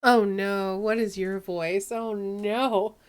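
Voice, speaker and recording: A woman's voice: medium pitch, steady tone, slow pace, clean tone, no echo. A woman streamer giving giggly, self-mocking commentary while playing a game. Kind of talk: let's play commentary.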